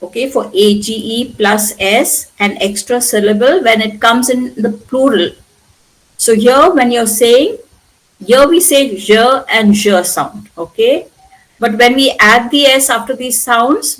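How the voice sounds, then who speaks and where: A woman with an Indian English accent teaching a spoken English lesson, patiently repeating words slowly for her students. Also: fairly high pitch, low-quality recording. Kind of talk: classroom pronunciation lesson.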